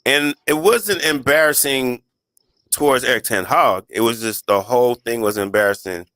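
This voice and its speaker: Male sports talk host, bright edge, rambling reader of listener comments. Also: medium pitch, moderate pace, no echo. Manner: rambling, restarts mid-thought, reads listener comments. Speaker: radio show host.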